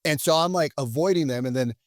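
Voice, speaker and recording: A man telling stories as a podcast guest in a lively, casual way. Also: fairly high pitch, fast, no room sound, studio quality. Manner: animated, acts out quoted people. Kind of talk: casual storytelling.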